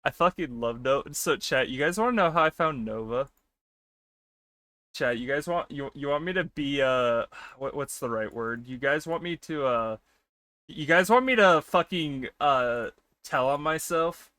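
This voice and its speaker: A young man streaming, chatting casually with his viewers in an animated way, laughing often and swearing freely. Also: medium pitch, moderate pace, dry recording. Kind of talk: casual live-stream chat.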